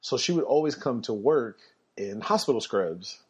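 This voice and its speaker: A man hosting a podcast, telling personal stories in a casual, animated way and chuckling as he goes. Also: moderate pace, husky. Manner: animated, chuckling, jumps up in pitch when quoting people. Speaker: podcast host. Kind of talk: casual storytelling monologue. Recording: slightly muffled lo-fi podcast audio.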